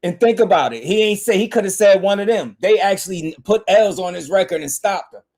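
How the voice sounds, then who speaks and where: A man's voice: sits high, animated, a little fast, darkish tone. A man hosting a boxing channel, ranting in casual commentary with heated, profane emphasis.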